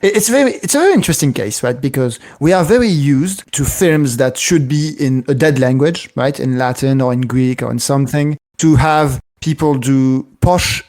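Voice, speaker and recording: A man's voice: mid-range voice, normal speed, few pauses, darkish tone. Man who keeps asking "right?". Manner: keeps checking in with tag questions. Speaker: podcast co-host. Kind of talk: casual film discussion.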